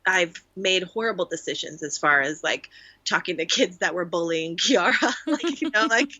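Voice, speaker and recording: Bright-voiced storytelling mom. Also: female voice, lowish voice, moderate pace, dry recording, dull audio. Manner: animated storytelling, acts out voices of her kids. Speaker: podcast guest. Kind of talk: casual chat.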